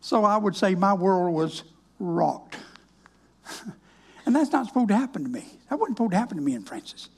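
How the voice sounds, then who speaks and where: A man's voice: high voice, sing-song, normal speed, pauses often, darkish tone, husky. An older man, a minister giving a folksy, plainspoken, wry personal testimony.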